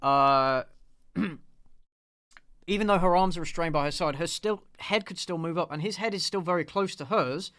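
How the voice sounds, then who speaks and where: A man's voice: on the high side, normal speed, fairly bright tone, no echo. A man hosting his channel, talking through a film review in a casual, rambling way with fillers and the odd swear word. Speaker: channel host. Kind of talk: live review discussion.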